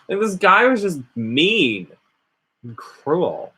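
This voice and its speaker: A man's voice: high voice, big pitch swings, extremely slow, sharp tone, breathy edge. A man vlogging casually, rambling and sarcastic as he rants. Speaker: witchcraft vlogger. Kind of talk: casual ranting vlog.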